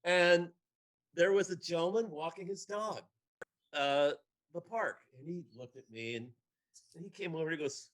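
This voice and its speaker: Friendly storyteller type, chatty, slightly higher-pitched male voice. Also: normal speed, fairly bright tone, poor audio. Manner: chatty, laughs through his anecdote. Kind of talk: casual storytelling in a discussion.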